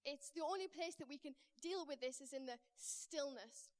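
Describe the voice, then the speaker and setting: High-voiced woman telling a lively sermon story. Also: normal speed. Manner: lively storytelling, acts out her own panic. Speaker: preacher. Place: church.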